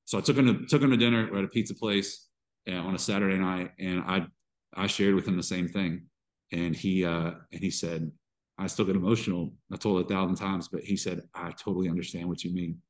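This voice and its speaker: Deep-voiced pastor telling his story haltingly. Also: steady tone. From Georgia. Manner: halting, restarts often, emotional storytelling. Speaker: pastor, podcast guest. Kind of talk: candid interview conversation.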